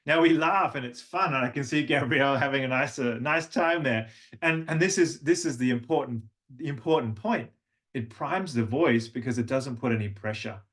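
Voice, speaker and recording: A man's voice: medium pitch, fairly bright tone. Man coaching voice technique. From Australia. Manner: demonstrates humming and vocal tones, chatty with restarts. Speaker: voice and language coach. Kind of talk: online workshop lecture with vocal demonstrations.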